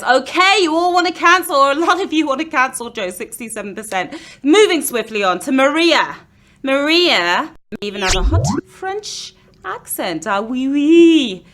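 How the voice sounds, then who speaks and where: A bubbly woman hosts a live quiz game, teasing the players as she goes. Her voice sits fairly high, swings widely and has a bright, forceful edge. Faint music plays behind her. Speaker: quiz show host. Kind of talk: live game show hosting.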